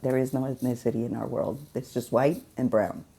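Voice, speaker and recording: A woman speaks in a low, very dark voice with a husky, gravelly grain. She tells a casual testimony from her restaurant job, earnest and a little preachy. She circles back on her points to drive them home. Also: steady tone, a little fast. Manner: earnest, preachy repetition with laughs. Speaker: restaurant worker sharing a faith story.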